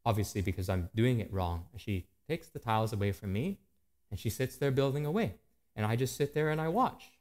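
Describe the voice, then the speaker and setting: A man in his thirties preaching a sermon to his church, animated and rising and falling in pitch and volume. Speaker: pastor.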